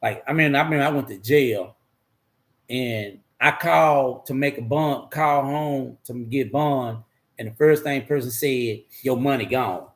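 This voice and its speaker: A man's voice: medium pitch, a little slow. A man candidly telling his life story in a rambling, profane way, repeating himself as he goes.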